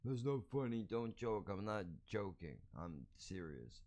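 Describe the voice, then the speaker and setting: A man's voice: fairly low pitch, expressive, unhurried, few pauses, darkish tone. A man hosting a podcast, giving a blunt, profane, ranting monologue. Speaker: podcast host.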